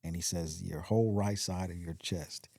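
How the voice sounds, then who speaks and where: Podcast guest: low-pitched man with a mellow tone and a dry close sound, rambling through a story. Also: moderate pace, vocal fry, dry recording. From Compton, California. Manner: rambling, animated retelling with quoted voices. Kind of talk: storytelling in casual interview.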